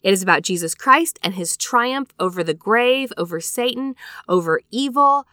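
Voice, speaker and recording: Bright-voiced chatty woman teaching scripture. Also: medium pitch, expressive, moderate pace, no room sound, clean studio sound. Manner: chatty, conversational, checks in with rhetorical questions. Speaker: podcast host teaching scripture. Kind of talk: casual scripture study lesson.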